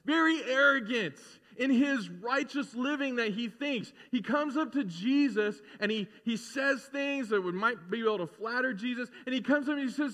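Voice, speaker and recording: High-voiced pastor preaching in a reverberant hall. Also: male voice, moderate pace, few pauses, bright, forceful tone. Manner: conversational preaching with playful acted-out voices. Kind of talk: sermon.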